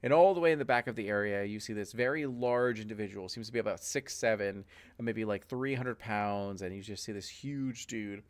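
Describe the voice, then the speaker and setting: A man's voice: lowish voice, a little fast. A male game master narrating a tabletop scene. His delivery rambles loosely and is packed with uhs and likes. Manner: rambling, full of fillers.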